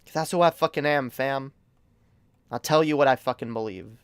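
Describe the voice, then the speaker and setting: A man's voice: medium pitch, moderate pace, clean tone, no room sound. A man streaming a heated, casual commentary rant, emphatic and profane, often stumbling over repeated words.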